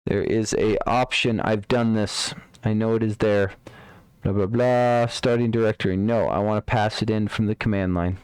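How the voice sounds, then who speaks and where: A man's voice: lowish voice, steady tone, normal speed, few pauses, clear, resonant tone, no echo, studio quality. A man streaming live, thinking aloud while debugging code, muttering to himself, trailing off and repeating words.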